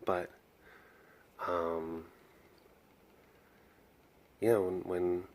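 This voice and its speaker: A man's voice: sits low, little pitch movement, very slow, a little mellow, a little hiss or hum. A young man talking casually on a vlog as an animal sanctuary caretaker, rambling with restarts and fillers.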